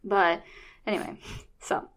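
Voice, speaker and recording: A woman's voice: measured pace, fairly bright tone. A woman in her thirties co-hosting a podcast, talking in a chatty, rambling, enthusiastic way about her family and travels. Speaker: podcast co-host. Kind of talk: casual chat.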